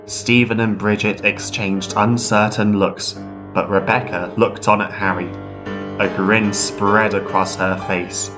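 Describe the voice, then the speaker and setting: A man narrating a ghost story in a measured, steady way. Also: fairly low pitch. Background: faint guitar music.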